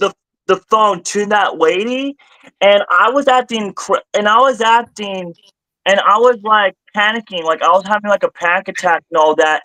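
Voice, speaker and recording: A man's voice: sits high, bright, forceful tone, dry recording, poor audio. A man talking casually on a livestream, rambling and restarting phrases, his voice rising when he gets worked up. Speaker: streamer.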